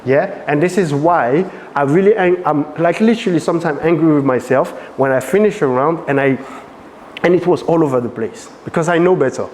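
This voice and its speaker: A man's voice: on the high side, a little fast, in a large hall, a little hiss or hum. French-accented male dance teacher. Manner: animated, asks frequent check questions. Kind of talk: workshop teaching.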